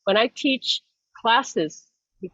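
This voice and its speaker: A woman's voice: a little high, lively intonation, takes it slowly, a bit bright, slightly rough, dry recording. A woman host and psychic medium talking casually, rambling and restarting her sentences, breaking into laughter often. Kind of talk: casual explanatory chat. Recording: dull dry lo-fi sound.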